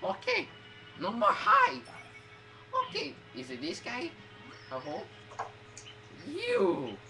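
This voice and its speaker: A woman's voice: high-pitched, huge pitch swings, takes it slowly, creaky. A woman commentating her gameplay in a hyper way, shrieking and swearing at the game. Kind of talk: let's play commentary. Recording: game music under voice. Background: game music.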